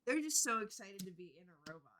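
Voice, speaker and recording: A woman at home in her living room, describing her character's actions to the group in a giggly, animated way. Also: medium pitch, fast talker. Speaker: player.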